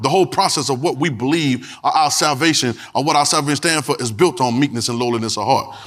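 A man's voice: mid-range voice, quick pace, fairly bright tone, in a large hall. A man preaching a sermon in an emphatic, repetitive way, calling out to the congregation.

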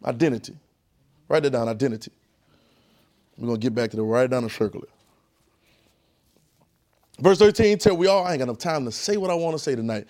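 A man teaching a Bible class in a call-and-response sermon style, emphatic and repetitive, often dropping to a low, quiet voice. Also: fast, pauses often.

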